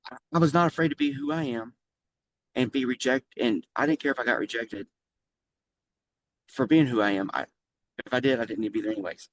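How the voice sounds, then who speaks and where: A middle-aged man who owns a flooring business, telling stories lively and casually in an interview, swearing freely. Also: medium pitch, fairly quick, long pauses, slight background noise, poor audio. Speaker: guest, flooring business owner.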